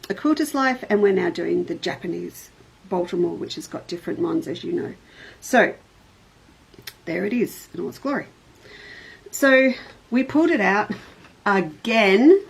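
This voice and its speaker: A woman's voice: mid-range voice, gravelly, poor audio. A middle-aged woman, hosting a casual show-and-tell chat as a fabric designer. She tells a rambling story in an easy, talkative way.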